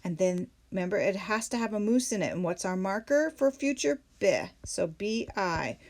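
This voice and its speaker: A woman's voice: medium pitch, lively intonation, normal speed, a little mellow. Woman teaching Latin step by step. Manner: patient, step-by-step, asks questions then answers them. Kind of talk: classroom lesson walkthrough.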